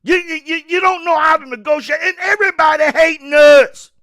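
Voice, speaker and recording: Guy ranting on his show, real high voice, sharp and bright, stammers a lot. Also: a little fast. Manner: fiery, preachy, repeats and stammers, Southern US slang. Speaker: host of a commentary show. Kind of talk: opinion rant to camera.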